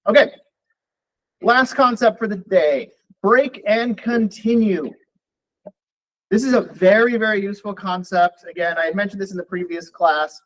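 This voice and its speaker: Here a man with a high-sitting voice talks at normal speed on poor audio. He teaches a college programming class through live coding, relaxed and thinking aloud while he types and runs code.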